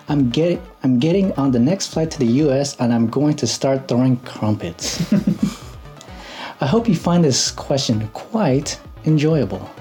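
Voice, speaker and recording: A man's voice: medium pitch, warm tone. A man co-hosting a gaming podcast, reading a listener's letter aloud in casual chat. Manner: reads listener letters aloud, laughs often. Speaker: podcast co-host.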